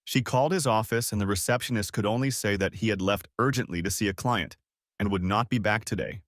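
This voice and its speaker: A man narrating a dramatic audiobook story in an expressive reading voice. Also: fairly low pitch, brisk, no room sound, studio quality.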